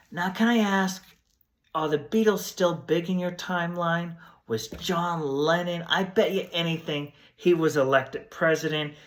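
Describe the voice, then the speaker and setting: A man's voice: a little high, pitched above the performer's own voice. Man doing a spaced-out hippie TV host. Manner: drawling slang, mellow and dazed. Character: laid-back male 1970s hippie TV host. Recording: roomy echo.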